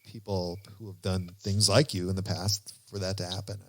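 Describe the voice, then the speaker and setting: Low-voiced, enthusiastic male podcast host. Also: flat delivery, normal speed, no room sound, studio quality. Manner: enthusiastic, rambling. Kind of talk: casual podcast chat. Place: studio.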